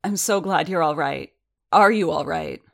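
A woman voicing an earnest, cheerful young gentleman in an audiobook, speaking in a hesitant, hopeful way with words tumbling out. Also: low voice, moderate pace, gravelly. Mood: anxious relief. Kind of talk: audiobook character voice.

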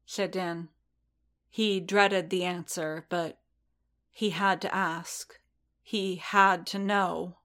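A woman reads a story aloud in a steady, measured way. Her voice sits on the lower side and she takes her time, unhurried. Each sentence is given space. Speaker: reader. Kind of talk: reading fan fiction aloud.

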